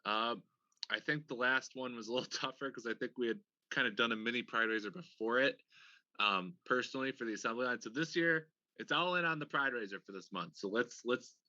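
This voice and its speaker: Teasing, laughing podcast host. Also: male voice, mid-range voice, sharp tone, dry recording, muffled recording. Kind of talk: casual chat. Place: home room, remote video call.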